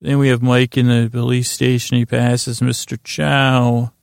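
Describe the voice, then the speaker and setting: A man hosting a sleep podcast, recapping a story in a rambling, halting way with many fillers. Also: medium pitch, level tone, creaky, smooth, dry recording, studio quality. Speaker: podcast host.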